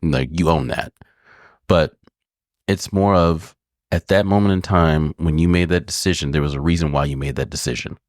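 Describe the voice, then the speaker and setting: A man co-hosting a podcast, telling a story in an animated, casual way and swearing freely. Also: extremely low pitch, normal speed, dry recording, clean studio sound. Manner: animated, swears freely, acts out voices in his stories. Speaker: podcast co-host.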